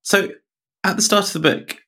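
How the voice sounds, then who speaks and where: A man interviewing a guest, asking long, searching questions with pauses and fillers. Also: high voice, fairly even intonation, pushed and bright, husky. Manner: rambling, searching questions with hesitations.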